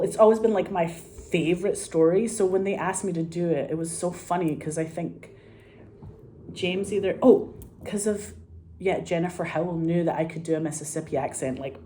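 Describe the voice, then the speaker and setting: A woman talks through a film shoot in a rambling, animated way, swearing casually and laughing between thoughts. Her voice sits a little low and sounds mellow and warm. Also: slight background noise. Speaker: actress. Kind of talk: casual anecdote.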